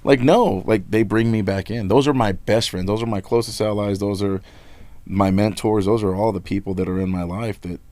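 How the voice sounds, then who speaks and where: A man's voice: on the low side, moderate pace, no echo. A middle-aged man from Nevada, a union leader talking candidly and with energy in a casual interview, often repeating himself. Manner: candid and animated, blunt words, repeats himself. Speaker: union leader, podcast guest.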